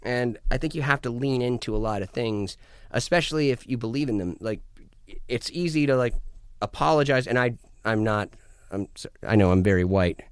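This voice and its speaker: A man with a middle-pitched voice talks in loose, animated podcast chat. He swears freely, jokes constantly and gets loud to sell a bit. The mic is close and the sound is dry. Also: fairly quick, clean tone, dry recording. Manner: animated, profane, jokey, swings loud for bits. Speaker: podcast guest. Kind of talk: casual chat.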